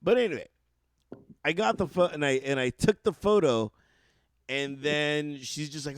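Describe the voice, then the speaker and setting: High-pitched dude cohosting a podcast, super animated storytelling, dry close sound. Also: male voice, moderate pace, dry recording. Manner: animated storyteller, swears freely. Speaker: podcast co-host. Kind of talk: casual chat.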